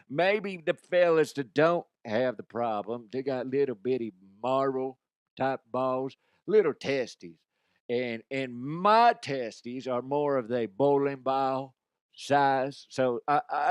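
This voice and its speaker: A middle-aged man hosts a comedy show, spinning crude, rambling anecdotes full of swearing. He jumps into quick impressions of the people in his stories. His voice sits at a middle pitch and is recorded dry, with no room sound. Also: clear, resonant tone, dry recording. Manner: rambling, profane, acts out quoted people. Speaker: comedy podcast host. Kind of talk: crude comic storytelling.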